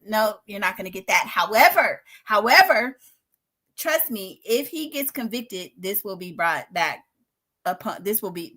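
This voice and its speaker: In an unhurried, mid-range voice, a woman gives excitable live commentary on a trial, streaming from a home studio in a spare bedroom. She laughs and exclaims loudly, her delivery theatrical as it lurches between shouting and hushed tones.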